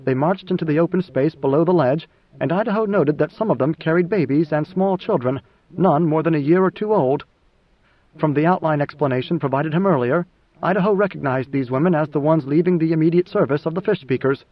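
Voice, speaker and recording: A man narrating an audiobook in an even, measured storytelling manner. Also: a little high. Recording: dull lo-fi recording.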